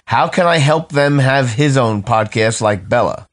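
A man's voice: medium pitch, expressive, unhurried. A middle-aged man co-hosting a casual podcast, reading out listener messages in a dry, teasing way and laughing often.

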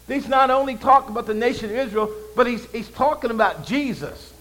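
Male pastor, high voice, call-and-response preaching, shifts from loud proclaiming to quiet asides. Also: brisk, rough recording. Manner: swings between loud proclaiming and low conversational asides. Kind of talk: sermon.

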